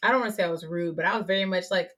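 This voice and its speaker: Blunt, bright-voiced woman co-host. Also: lowish voice, racing. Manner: blunt, animated storytelling. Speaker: podcast co-host. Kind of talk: casual chat.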